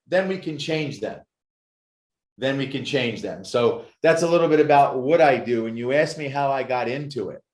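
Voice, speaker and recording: A man who works as an addictions success coach, telling his story with emphatic, animated energy in a podcast interview. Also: medium pitch. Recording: roomy echo.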